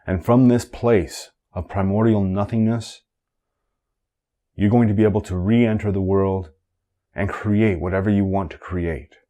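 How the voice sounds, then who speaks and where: A man giving calm, measured guided meditation instructions, chanting a mantra at times. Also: deep voice. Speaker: meditation teacher.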